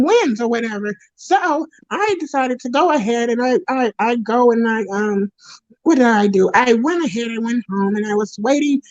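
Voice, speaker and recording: A woman's voice: a little high, darkish tone, no room sound, close to an everyday voice. A woman voicing a foul-mouthed, jealous male puppet performer who rants bitterly and profanely, rambling with many restarts. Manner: profane, rambling, indignant ranting with frequent restarts. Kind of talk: comedic character monologue. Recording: dull, dry lo-fi recording.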